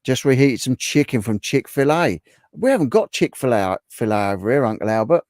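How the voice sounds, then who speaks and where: A man's voice: medium pitch, expressive, fairly quick, a little mellow, no echo, clean studio sound. A middle-aged man hosting a casual livestream and chatting back to viewers' comments. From England. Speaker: livestream host. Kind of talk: casual live chat.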